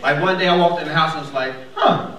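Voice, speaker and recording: A man's voice: very fast, very noisy. A young man performing a stand-up comedy set, acting out characters with big jumps in his voice. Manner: animated, acts out characters with big pitch jumps. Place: comedy club stage before a laughing crowd. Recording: echoey club audio, mic far off, crowd laughing. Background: audience laughter.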